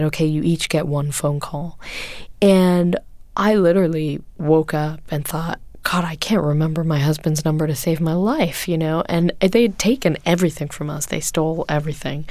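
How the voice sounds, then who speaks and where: Woman in her 40s, low voice, dry close sound, slow careful telling with lots of ums. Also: darkish tone, dry recording. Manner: earnest, measured storytelling with frequent fillers. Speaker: guest, photojournalist. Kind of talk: recounting experiences in an interview.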